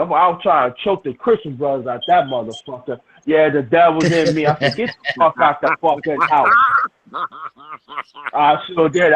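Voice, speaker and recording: A fairly high-pitched middle-aged man tells a crude, rowdy story among friends, restarting again and again. Slight background noise is present, and the whole thing sounds tinny and lo-fi, as if recorded over a phone.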